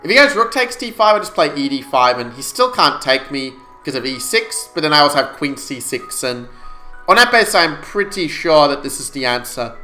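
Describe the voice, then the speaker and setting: A man streaming chess puzzles live, calculating moves out loud and explaining them to his viewers in a casual way. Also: a little high, very animated, normal speed, soft background music.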